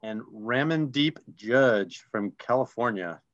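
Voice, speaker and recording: A man co-hosting a casual online call, reading names in a relaxed, friendly, joking way. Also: mid-range voice, takes it slowly, highs cut off. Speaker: co-host.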